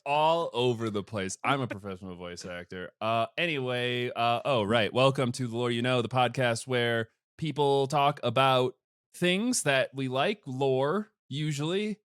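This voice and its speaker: A man's voice: mid-range voice, unhurried, a bit bright, smooth, no echo, clean studio sound. A man hosting a casual podcast, joking and rambling with wry asides. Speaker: podcast host. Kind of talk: casual chat.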